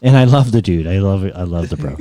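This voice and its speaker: A middle-aged man with a lowish voice spins a loose, laughing anecdote in casual chat. His pitch swings widely as he acts out the moments, and the sound is close and dry. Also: fast, no room sound. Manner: animated rambling storyteller, laughs often. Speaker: guest musician.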